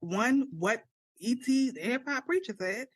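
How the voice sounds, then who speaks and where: A woman's voice: a little high, measured pace, slightly rough, dry recording. A young woman co-hosting a casual podcast chat, telling stories with dramatic, acted-out quotes. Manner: animated storyteller, acts out quotes dramatically. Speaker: podcast co-host.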